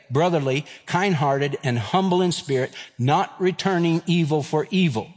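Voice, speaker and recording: A man's voice: fairly high pitch, big-room sound. A man in his fifties, a pastor giving a sermon, telling a personal story with humor and acting out voices. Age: 50s. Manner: storytelling, acts out voices, self-deprecating humor.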